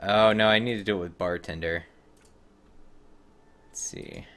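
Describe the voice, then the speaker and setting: A man with a fairly low voice gives relaxed, wry commentary while playing a game. He talks to himself and to the characters on screen in an offhand, chatty way. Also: a little slow, gravelly. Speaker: streamer. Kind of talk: casual gameplay commentary.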